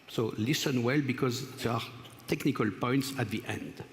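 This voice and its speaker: Male lecturer, French accent, hesitant delivery, reverberant hall. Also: medium pitch. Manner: apologetic, halting, with frequent pauses and fillers. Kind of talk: conference lecture. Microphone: stage microphone.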